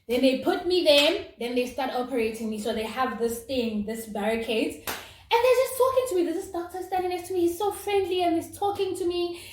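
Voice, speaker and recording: A young woman tells a story on her vlog with animated, dramatic energy. Her voice sits high and lifts easily. The room sounds echoey, with a faint hiss underneath. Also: fairly quick. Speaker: vlogger. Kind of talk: casual storytime. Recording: roomy with faint noise.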